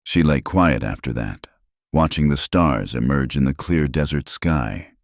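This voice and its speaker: A male storyteller reads a frontier tale in a calm, unhurried, scripted delivery. His voice is extremely low and deep. The recording is dry and close-miked. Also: dry recording. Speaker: narrator.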